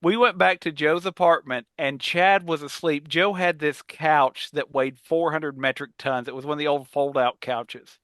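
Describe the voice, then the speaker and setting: A podcast co-host in his forties swapping stories with longtime friends. His voice sits a little high and rings bright. He is recorded close on a dry mic and breaks into laughter as he talks. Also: moderate pace, hardly any pauses, no echo. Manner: animated storyteller, laughs often. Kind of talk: casual chat.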